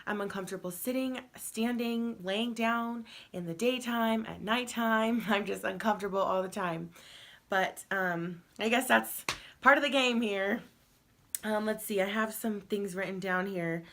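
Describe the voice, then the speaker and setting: A young woman, heavily pregnant and tired, chats through a casual vlog update. Her voice is bright and clear, her talk loose and rambling with lots of fillers, and she laughs easily. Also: mid-range voice, unhurried. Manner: chatty, rambling, laughs often, many fillers. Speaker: vlogger.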